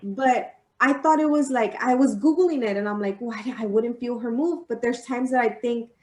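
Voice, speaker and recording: A woman's voice: fairly high pitch, moderate pace, darkish tone. A young woman, a podcast co-host telling a personal story in a heartfelt way and switching between English and Spanish. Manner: heartfelt, mixes English and Spanish, many fillers. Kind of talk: personal storytelling in casual chat. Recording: roomy sound, mic at a distance.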